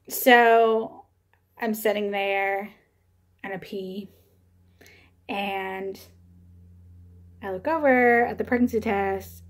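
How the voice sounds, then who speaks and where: A young woman vlogging to camera, telling a personal story in a casual, chatty way with lots of fillers and an animated retelling. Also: medium pitch.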